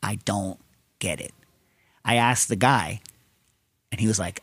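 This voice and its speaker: A man's voice: fairly low pitch, unhurried, breathy edge, no room sound. A man hosting a podcast, answering listener questions in a casual, rambling style full of tangents. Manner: rambling, tangent-prone, animated storytelling. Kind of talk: casual chat.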